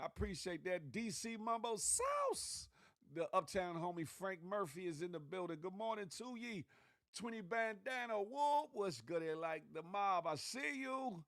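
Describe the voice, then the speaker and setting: A man hosts a loose livestream morning show over his phone, calling out viewers with playful slang. His voice runs a touch high for a man. The sound is dry and close. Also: no room sound. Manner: hype roll-call shout-outs, slangy and playful.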